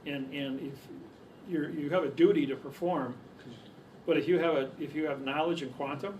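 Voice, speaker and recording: A man's voice: a little high, fairly even intonation, moderate pace, darkish tone. A man telling rambling stories to a crowd, restarting his sentences over and over. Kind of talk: casual storytelling. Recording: distant mic, faint background noise.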